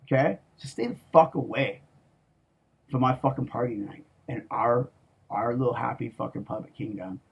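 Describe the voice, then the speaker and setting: A man delivering a profane, menacing monologue, with heavy swearing and a slow, emphatic push on his words. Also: mid-range voice, lively intonation, vocal fry, breathy edge, muffled recording. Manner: slow, emphatic, repeats "okay?". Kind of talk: ranting monologue.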